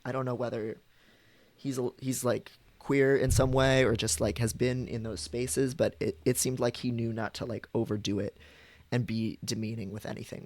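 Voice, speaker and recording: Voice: mid-range voice, no room sound. A streamer chatting casually with viewers, rambling with frequent ums and likes.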